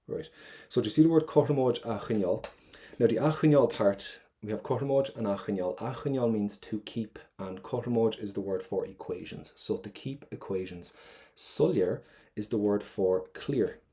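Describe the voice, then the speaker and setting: A man's voice: fairly low pitch, normal speed, warm tone. A young Irish man teaching an online exam prep class, upbeat and playful, explaining step by step.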